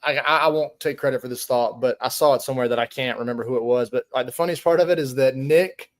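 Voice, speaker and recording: A man's voice: medium pitch, quick pace. A man co-hosting a live fan podcast, rambling in an amused, casual way with many fillers. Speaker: podcast co-host. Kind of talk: casual recap chat.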